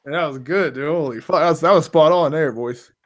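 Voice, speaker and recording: A man's voice: a little high, a little fast. A man hosting a gaming podcast in a laid-back, casual way, swearing freely and laughing often. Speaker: podcast host. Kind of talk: casual chat.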